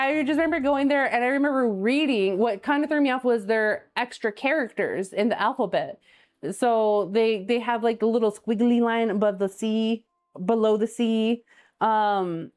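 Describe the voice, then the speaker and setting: A woman hosting a live cooking stream, chatting casually and telling stories while she cooks and reads viewer comments aloud. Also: fairly high pitch.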